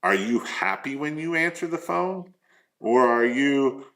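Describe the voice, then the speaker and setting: Guy coaching business owners live, slow unhurried talk, lots of rhetorical questions, mid pitch. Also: expressive, a bit bright. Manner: earnest, repetitive, rhetorical questions.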